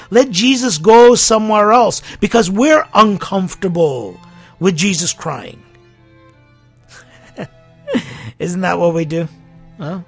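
This man preaches as a pastor with a high, gravelly, slightly rough voice. Full of passion, he poses rhetorical questions and alternates between booming pleas and quiet moments.

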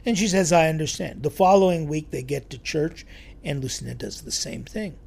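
A man telling a church story in a sermon, lively and acting out the quoted voices. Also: a little high, a little fast, creaky, breathy edge. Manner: animated storyteller, acts out quotes.

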